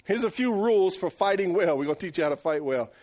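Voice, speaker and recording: A middle-aged man preaching a sermon, animated and joking, swinging between loud and hushed delivery. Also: high-pitched, quick pace. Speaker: pastor.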